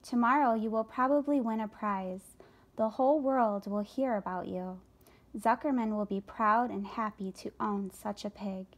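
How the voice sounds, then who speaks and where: A woman voicing a gentle, wise female spider who speaks softly and low. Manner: soft and low-voiced.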